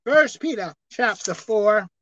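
A woman pastor preaching a sermon, dropping to low asides and rising to loud shouted exhortation, reading scripture slowly and deliberately. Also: lively intonation. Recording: slightly dull, dry recording.

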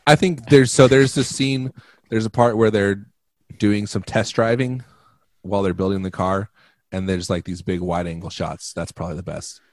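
A man co-hosting a casual podcast chat who laughs often and lets his sentences fade off quietly. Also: fairly low pitch, steady tone, normal speed, dry recording. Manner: laughs often, trails off quietly at the ends of phrases. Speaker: podcast co-host.

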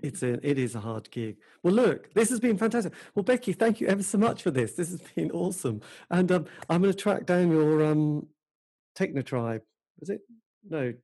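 A man's voice: fairly high pitch, very animated, moderate pace, dark tone, husky. An English man hosting a podcast over a video call, polite and chatty with a mild swear. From England. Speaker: podcast host. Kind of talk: casual interview chat.

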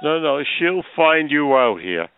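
Slow, gravelly man on a phone line. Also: on the high side, sing-song. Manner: slow, polite, mumbling. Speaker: caller.

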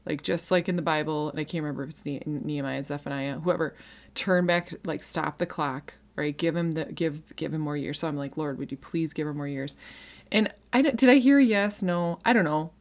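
A woman in her thirties speaks in a low, dusky voice, sharing a personal faith testimony. She talks earnestly and conversationally, stumbling over restarts and fillers, and her voice carries the strain of someone close to tears. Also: a little fast. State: emotional, near tears.

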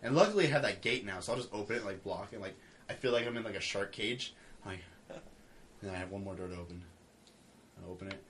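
Fast-talking man telling a funny story. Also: fairly low pitch, slight background noise. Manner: animated storyteller, acts out his own and others' lines, filler-heavy. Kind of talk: casual chat among friends.

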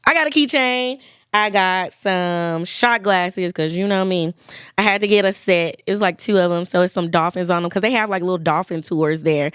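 A woman in her twenties hosting a podcast, chatting casually and lively, talking straight to listeners. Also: mid-range voice, dry recording, studio quality. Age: 20s. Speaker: podcast host. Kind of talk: casual chat.

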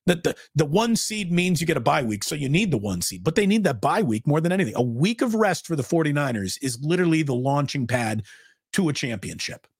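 A man's voice: on the high side, very animated, fairly quick, slightly rough, no room sound, studio quality. A middle-aged man co-hosting a sports talk show, emphatic and blunt in casual chat. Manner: emphatic, blunt, repeats himself.

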